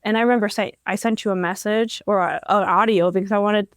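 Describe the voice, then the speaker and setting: A young woman with a smooth, clear voice tells her story as a podcast guest. She talks eagerly, full of fillers and small restarts. The sound is dry and close. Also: medium pitch, fairly even intonation, quick pace, dry recording. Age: young adult. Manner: enthusiastic, storytelling with many fillers. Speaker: podcast guest, incoming law student. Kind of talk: casual interview talk.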